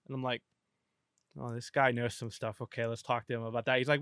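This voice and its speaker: A man's voice: mid-range voice, normal speed, clean tone, dry recording, clean studio sound. A man telling a story on a casual podcast, acting out both sides of a conversation. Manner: animated, acts out both sides of a dialogue.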